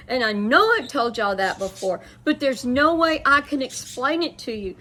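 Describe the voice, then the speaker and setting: Hosting a casual chat, a middle-aged woman speaks in a fairly high, bright, forceful voice, a little slowly and with hardly any pauses. Her story rambles, full of quoted dialogue and frequent restarts, in a chatty manner.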